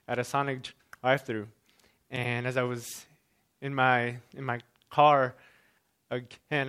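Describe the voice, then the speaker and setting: A young man in his twenties delivers a personal story as a speech, with a stutter that catches on sounds and repeats words. His voice is bright and clean, and he speaks in measured phrases with deliberate pauses. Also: mid-range voice, smooth. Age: 20s.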